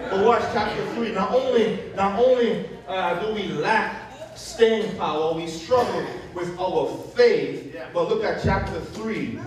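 High-voiced man preaching in an echoey church. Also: unhurried. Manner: animated call-and-response preaching, asks the congregation to fill in words. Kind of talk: sermon. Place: church sanctuary. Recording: echoey church from a distant mic.

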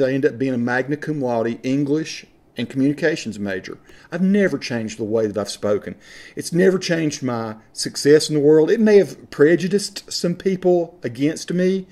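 A man's voice: medium pitch, normal speed, a little mellow. A man from western North Carolina with an Appalachian accent, talking to camera in a passionate, rambling, folksy monologue. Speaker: vlogger.

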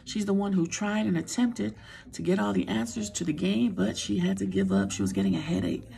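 Brisk and lively in intonation, this middle-aged woman's mid-range voice is creaky yet mellow. Talking with her viewers in a casual weekly vlog, she's playful and talkative, occasionally singing along or whispering.

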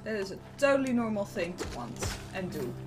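A woman's voice: medium pitch, sing-song, fairly quick. Chill dutch girl streaming a game, joking about herself, music in the back. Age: young adult. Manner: playful, chatty, self-mocking. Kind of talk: casual gameplay commentary. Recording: music playing behind.

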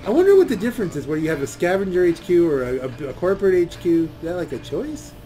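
Man chatting over a game, lively pitch. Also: quick pace, soft background music. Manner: reads game dialogue aloud, muttering asides. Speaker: let's play gamer. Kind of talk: casual gameplay commentary.

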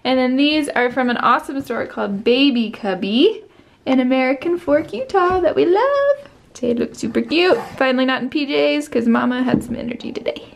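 Chatty young mom with a high voice. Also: female voice, lively intonation, moderate pace, creaky, a little hiss or hum. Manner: chatty, coos in a sing-song voice to her baby. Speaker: vlogger mom. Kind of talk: casual family vlog. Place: home.

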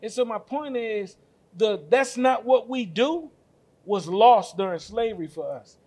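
High-voiced man telling a story. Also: unhurried, warm tone. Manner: storytelling, retelling conversations with quoted lines. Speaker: podcast co-host. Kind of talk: casual group discussion.

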